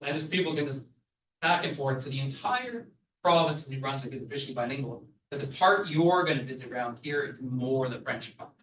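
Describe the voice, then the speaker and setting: A man's voice: mid-range voice, animated, brisk, a bit bright. Canadian man lecturing in an echoey room. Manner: chatty, jokey, asks the audience questions. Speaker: travel lecturer. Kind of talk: lively classroom talk. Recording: echoey, muffled, distant room recording.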